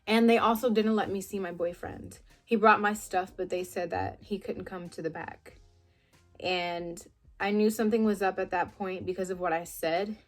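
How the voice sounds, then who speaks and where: Young woman telling a story, animated. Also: mid-range voice. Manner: animated retelling with quoted dialogue, frank and blunt. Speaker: vlogger. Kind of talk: casual storytelling to camera.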